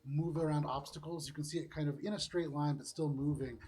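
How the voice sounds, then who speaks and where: A man's voice: fairly high pitch, fairly even intonation, brisk, warm tone, breathy edge. A young man narrating a tabletop game as game master, easygoing and descriptive, with many fillers.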